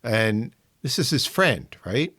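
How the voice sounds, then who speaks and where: A man's voice: mid-range voice, slow, no room sound, clean studio sound. A man co-hosting a podcast, chatting casually about a film, cutting in with details and chuckling. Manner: lively, chuckling, jumps in with details. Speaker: podcast co-host.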